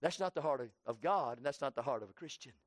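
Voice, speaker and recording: A man preaching a sermon with fervor, swinging between loud cries and hushed tones and repeating his phrases for emphasis. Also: mid-range voice, lively intonation, fast talker, no echo, clean studio sound.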